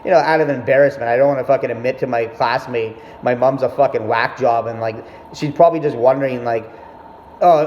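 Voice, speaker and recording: A man's voice: mid-range voice, a little mellow. Rambling, cursing guy in an echoey room. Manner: rambling, profane, self-interrupting. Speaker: vlogger. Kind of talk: casual storytelling monologue. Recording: echoey, dull room sound with faint noise.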